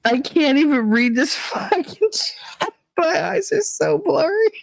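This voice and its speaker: A woman's voice: sits high, big pitch swings, takes it slowly, gravelly, dry recording, poor audio. A young adult woman hosting a livestream, telling crude stories in casual chat and breaking into laughter often. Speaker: livestream host.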